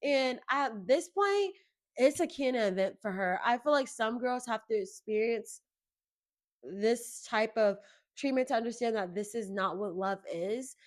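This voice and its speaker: High-voiced, animated woman podcaster. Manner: animated, gossipy, quick rants with mimicked voices. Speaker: podcast host. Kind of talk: casual solo chat.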